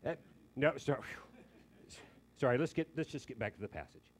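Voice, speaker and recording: A man preaching a sermon, emphatic and animated, dropping in quick joking asides. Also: mid-range voice.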